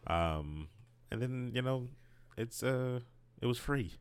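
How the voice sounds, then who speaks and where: A man's voice: mid-range voice, expressive, slow pace, a little hiss or hum. An American man co-hosting a casual podcast chat, rambling and correcting himself as he goes. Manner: rambling, self-correcting, laughs often. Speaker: podcast co-host.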